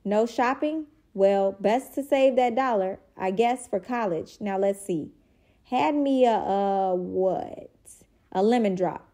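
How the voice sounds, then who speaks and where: A woman's voice: mid-range voice, takes it slowly, dark tone. Woman doing a folksy old grandpa. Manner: folksy, quaint phrasing. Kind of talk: picture-book read-aloud.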